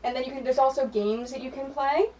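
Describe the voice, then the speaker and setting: A woman's voice: high-pitched, fairly even intonation, fast, darkish tone. An American woman hosting a casual crafting livestream, chatting and explaining viewer rewards. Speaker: streamer host. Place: home craft room. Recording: distant, dull lo-fi stream mic with faint noise.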